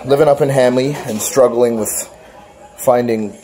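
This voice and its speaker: A man's voice: medium pitch, fairly even intonation, moderate pace, warm tone. A man with a Toronto accent, joking and rambling as he chats to his vlog camera. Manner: joking, rambling, laughs at himself. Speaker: vlogger, father. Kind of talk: casual vlog chat.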